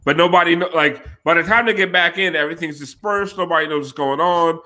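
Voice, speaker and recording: A man's voice: on the high side, fast, sharp tone. A man telling a rowdy, profane story on a casual chat show, laughing often.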